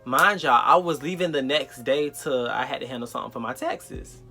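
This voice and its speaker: A young man from South Florida telling an animated, profane storytime with slang, as a vlogger. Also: medium pitch, moderate pace, faint music behind. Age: young adult. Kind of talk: storytime vlog.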